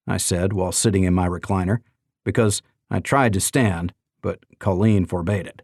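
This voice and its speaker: A man narrating a novel in the first person in a measured, even storytelling manner. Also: low voice, no echo, clean studio sound. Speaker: audiobook narrator.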